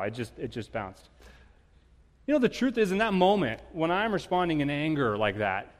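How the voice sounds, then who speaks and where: A married man preaching to his congregation, asking them questions and getting loud and animated when he tells stories. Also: fairly high pitch, long reverb tail. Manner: animated storytelling, rising loud when telling anecdotes; addresses congregation directly with questions. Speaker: pastor. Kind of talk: sermon.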